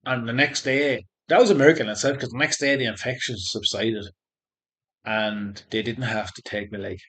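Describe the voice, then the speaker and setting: A man recounts a personal faith story as an interview guest. He talks in an earnest, halting way, often restarting his sentences. His voice sits at an ordinary middle pitch. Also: fairly bright tone. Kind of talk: conversational faith testimony.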